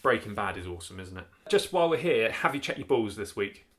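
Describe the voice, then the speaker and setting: A man's voice: fairly low pitch, animated, fast talker, fairly bright tone, slight background noise. A middle-aged man hosting a casual vlog, chatty and joking, often laughing as he talks. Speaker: vlog host. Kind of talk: casual chat.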